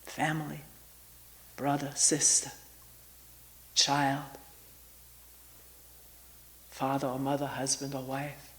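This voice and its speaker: Slow, soft-spoken older woman teacher. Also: extremely low pitch, flat delivery, poor audio. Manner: slow and searching, with long pauses and often half-whispered. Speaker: meditation retreat teacher. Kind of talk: reflective spiritual talk.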